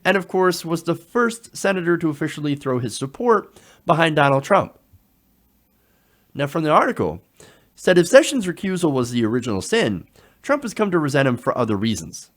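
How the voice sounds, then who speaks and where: Male political commentator, sarcastic, lively swooping pitch, fairly high voice. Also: normal speed. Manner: sarcastic, animated, drops into mocking quotes.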